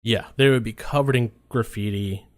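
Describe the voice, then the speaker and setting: A man's voice: mid-range voice, moderate pace, dry recording, clean studio sound. A man co-hosting a casual movie podcast, laid-back, swearing freely and laughing often. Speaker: podcast co-host. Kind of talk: casual chat.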